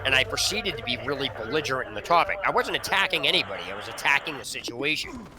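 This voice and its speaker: A man's voice: medium pitch, sing-song, fast talker, a crowd in the background. Indignant ranting male gamer. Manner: rambling, indignant, swears a lot, many restarts. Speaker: gaming streamer. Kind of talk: ranting commentary over gameplay. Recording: noisy game audio behind. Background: gunfire and game sounds.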